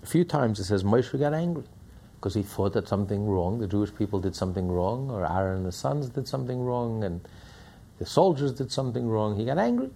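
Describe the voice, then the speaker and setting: Male rabbi lecturing, emphatic, gravelly and lively in pitch. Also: fairly quick. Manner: emphatic, repeats phrases while building a point. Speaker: rabbi teaching a class. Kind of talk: Torah lecture.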